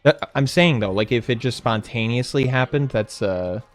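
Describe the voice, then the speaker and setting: A man's voice: mid-range voice, normal speed. A male streamer chatting casually while he plays a game, rambling, trailing off and swearing now and then. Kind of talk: casual gaming stream chat.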